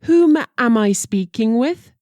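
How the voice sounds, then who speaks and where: Woman teacher reading phrases super slow, mellow dark voice, dry sound. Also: on the high side, animated, no echo. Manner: slow and deliberate, careful pronunciation. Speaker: language teacher.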